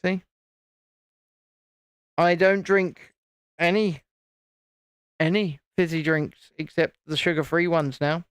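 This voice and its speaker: A man's voice: fairly high pitch, steady tone, takes it slowly, pauses often, a bit bright, clean tone, no echo. A man, hosting a casual live stream, chatting and teasing while he builds a model. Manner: chatty, teasing, self-deprecating.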